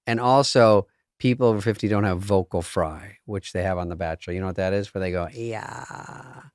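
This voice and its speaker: A man's voice: low-pitched, steady tone, fast, no echo. A man in his forties co-hosting a podcast, chatting casually with wry, dry, sarcastic asides. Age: 40s. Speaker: podcast co-host. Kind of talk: casual chat.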